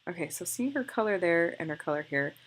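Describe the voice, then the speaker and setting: A young woman photographer gushes and thinks aloud as she clicks through her photo edits in a casual screen-recorded tutorial. Her lowish voice is expressive and quick.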